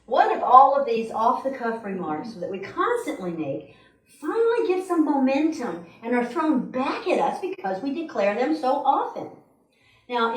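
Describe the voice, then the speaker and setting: A woman giving a chatty, animated sermon in a church sanctuary, acting out quotes and laughing now and then. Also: on the high side. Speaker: speaker at a church service. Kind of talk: conversational sermon. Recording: roomy echo, mic at a distance.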